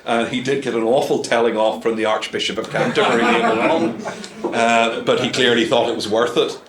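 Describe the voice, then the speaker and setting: A man's voice: medium pitch, level tone, fairly quick, reverberant, a loud crowd. Wry man giving a talk. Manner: wry, dry asides with many ums and uhs. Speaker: guest speaker. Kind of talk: humorous club talk. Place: club meeting room.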